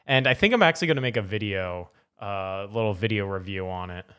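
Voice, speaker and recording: A man's voice: fairly low pitch, lively intonation, brisk, pushed and bright, smooth. A man co-hosting a gaming podcast in casual chat, rambling with lots of fillers and laughs. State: out of breath. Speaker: podcast co-host.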